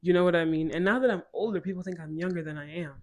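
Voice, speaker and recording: Animated young woman telling a story. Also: on the low side, racing. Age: 20s. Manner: animated, laughing often, chatty asides to viewers. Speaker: storytime vlogger. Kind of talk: casual storytelling to camera.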